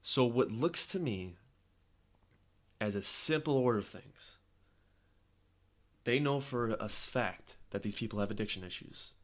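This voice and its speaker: A man's voice: medium pitch, lively intonation, a little slow, pauses often. A young man hosting a podcast, delivering a heated, profane political rant and repeating his points. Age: young adult. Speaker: podcast host.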